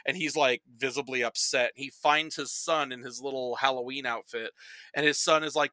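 A man's voice: mid-range voice, normal speed, bright, forceful tone, no echo. A man on a casual podcast, recapping movies in a rambling, profane way, full of "like" and acted-out quotes. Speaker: podcast guest reviewing movies.

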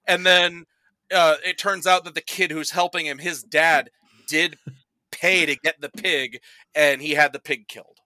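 A man talks fast and loose on a podcast, swearing freely and stringing together asides full of "like". His voice is very bright and a little high, with a close, dry sound. He jumps into quick bits of mimicry to act out scenes. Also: dry recording. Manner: rambling and profane, full of "like" and acted-out quotes. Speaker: podcast guest reviewing movies. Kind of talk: casual chat, animated movie recap.

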